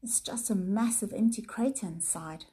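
A woman's voice: mid-range voice, normal speed, warm tone, slightly rough. A woman voicing an eager, bookish boy. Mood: excited. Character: young boy Peter, excited and knowledgeable.

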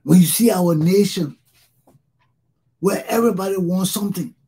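A man's voice: high-pitched, moderate pace, mellow, husky. A Liberian man hosting his own talk show, speaking in an impassioned solo monologue and repeating phrases for emphasis.

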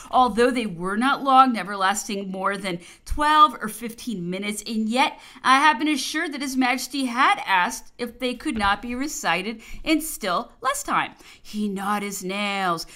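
A woman narrating a historical memoir as an audiobook, reading with expressive, varied emphasis. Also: on the high side. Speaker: audiobook reader.

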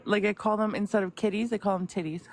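A woman's voice: mid-range voice, steady tone, fast, vocal fry, no room sound. A woman joining in a casual joking chat, giggly and easygoing.

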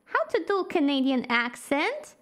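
A woman streamer, a native German speaker, chatting casually while she plays a game, excitable, swearing and laughing. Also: high voice, unhurried. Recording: faint music behind.

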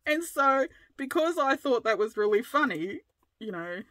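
Crafting vlog host: Australian woman, fifties, bright and breezy, rambling storyteller. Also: high-pitched, very animated, measured pace, a little hiss or hum. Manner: rambling, chatty, often laughing.

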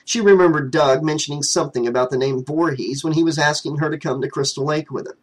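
A man with a fairly high voice reading a horror fan novel aloud as audiobook narration. He tells the story at a steady pace and keeps an even storytelling tone throughout. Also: fast, rough recording.

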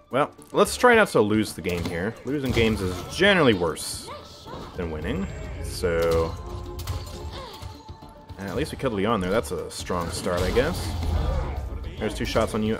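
A man casually commenting on his gameplay as a streamer, reacting to the match and reading chat aloud. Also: lowish voice. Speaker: game streamer.

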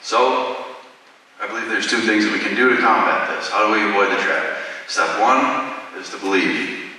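A man's voice: fairly low pitch, moderate pace, bright, forceful tone. A man in his twenties from upstate New York giving a casual, earnest motivational talk to students, telling stories as a guest speaker. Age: 20s. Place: school hall. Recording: echoey hall from far off, faint hiss.

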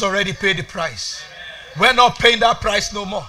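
A man preaching a lively church sermon as pastor. His voice sits high and sounds piercingly bright. He swings between booming shouts to the congregation and hushed storytelling. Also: normal speed. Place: church sanctuary.

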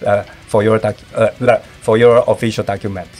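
A man from Taiwan, whose first language is Taiwanese Hokkien, speaks with a Taiwanese accent as a guest in a casual podcast chat, halting and reaching for words with many fillers. His voice is lowish, flat and a little mellow, with faint music behind him.

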